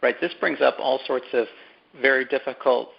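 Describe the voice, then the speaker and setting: A man being interviewed as an author, speaking thoughtfully and haltingly, often repeating words as he gathers his thoughts. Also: medium pitch, gravelly, lo-fi sound. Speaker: author and guest. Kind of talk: conversational interview.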